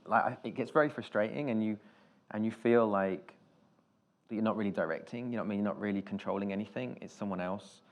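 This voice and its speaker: British male director, low-pitched, loose anecdotal talker who swears casually. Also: a little mellow, muffled recording. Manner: rambling anecdotal storytelling with restarts and casual swearing. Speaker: film director, interview guest. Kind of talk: live on-stage conversation.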